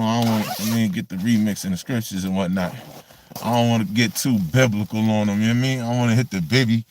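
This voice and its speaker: A man's voice: medium pitch, low-quality recording. A young man vlogging outdoors in a snowstorm, talking in a rambling, slangy, joking way with lots of filler. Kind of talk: casual outdoor vlog. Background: clear wind and outdoor noise.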